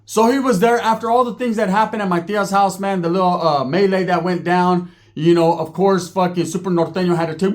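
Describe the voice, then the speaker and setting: High-voiced streetwise storyteller. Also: male voice, brisk. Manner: streetwise, slangy, animated. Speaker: comedic storyteller, channel host. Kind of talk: profane comedic storytelling.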